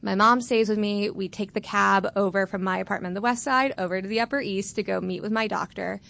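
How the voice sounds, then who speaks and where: A woman's voice: mid-range voice, fairly even intonation, a little fast, creaky, fairly bright tone. A woman in her twenties from Florida, telling a personal story on stage with a candid, wry, self-mocking manner. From Florida, USA.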